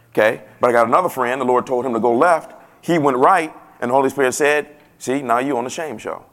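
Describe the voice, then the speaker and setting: A man preaching a sermon in a casual, playful way that swells to loud emphasis now and then. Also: medium pitch. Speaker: pastor.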